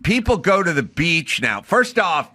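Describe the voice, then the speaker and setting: A man's voice: fairly high pitch, unhurried. A man hosting a podcast, telling stories in casual chat with plenty of swearing. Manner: profane, animated storyteller. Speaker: podcast host.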